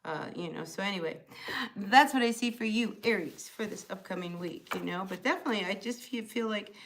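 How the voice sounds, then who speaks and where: A woman's voice: mid-range voice, fairly quick, a bit bright, a little hiss or hum. A woman with a New Jersey accent, chatting loosely through a live tarot reading with lots of fillers. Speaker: tarot reader.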